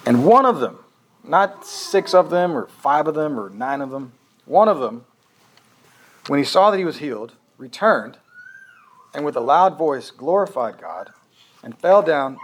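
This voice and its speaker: A man's voice: medium pitch, slight background noise, low-quality recording. A man preaching a conversational sermon as pastor, earnest and questioning, often restarting his sentences.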